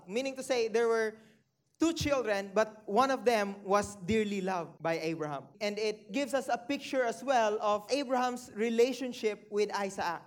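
Preacher slowing down for emphasis. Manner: slows down and stretches key phrases for emphasis; drops low and quiet on sad points, rises on excited ones. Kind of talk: sermon with scripture reading.

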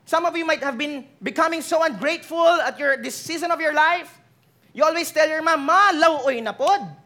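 A preacher with a Filipino accent speaks in a high, bright voice. The sermon is lively, with playful teasing of the listeners and easy switches between languages. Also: a little fast.

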